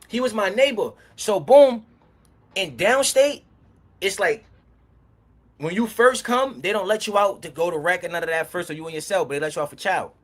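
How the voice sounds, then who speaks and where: A man tells a street story in a loose, profane, animated way. His voice sits a little high for a man, and he jumps into the other people's lines as he acts out each standoff. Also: normal speed.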